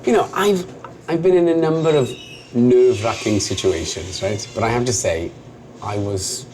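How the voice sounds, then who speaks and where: A man's voice: mid-range voice, moderate pace. Welsh guy chatting about his acting life, laughs at himself a lot, noisy backdrop. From Wales. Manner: animated storyteller, self-deprecating, laughs often. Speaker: actor guest. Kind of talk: casual interview chat. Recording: noisy background.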